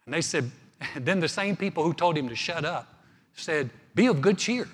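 A man preaches a sermon, retelling the story with lively, animated delivery and frequent restarts on his words. His voice is a touch high and husky. A long reverb trails each phrase through the hall. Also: normal speed. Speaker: pastor.

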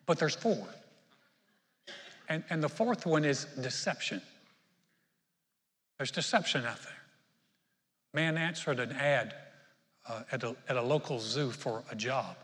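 A man's voice: medium pitch, a little slow, long pauses, a bit bright. Man preaching in a reverberant church. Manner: storytelling with jokes, rising to emphatic exhortation. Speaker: pastor. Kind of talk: sermon. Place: church sanctuary.

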